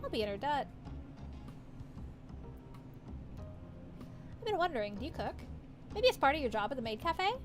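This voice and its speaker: A woman voicing a calm, polite young woman who runs a hookah lounge and speaks softly and courteously. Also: high voice, rapid-fire, soft background music. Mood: gentle. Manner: soft, courteous, attentive.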